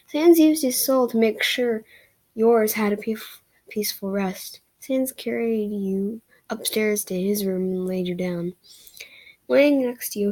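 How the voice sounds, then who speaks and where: A woman's voice: medium pitch, a little mellow, rough recording. A woman reading a romance fan story aloud in a casual way, sometimes stumbling over words. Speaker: reader of fan fiction.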